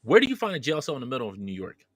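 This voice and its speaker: A man's voice: medium pitch, wildly swooping pitch, very fast, no echo. A man casually retelling a movie plot as a podcast co-host, acting out the characters' lines as he goes.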